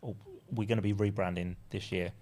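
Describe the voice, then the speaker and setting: A man, a relaxed interview guest who laughs often and hesitates with ums. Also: lowish voice, brisk. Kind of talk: casual interview.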